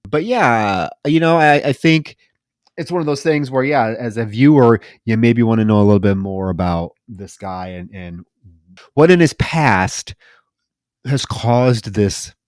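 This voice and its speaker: A man talking through a film on a podcast at an ordinary pitch. He circles back and repeats words as he thinks aloud. The sound is dry and close to the mic. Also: no room sound. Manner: halting, with frequent restarts and repeated words. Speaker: podcast co-host. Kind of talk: casual film discussion.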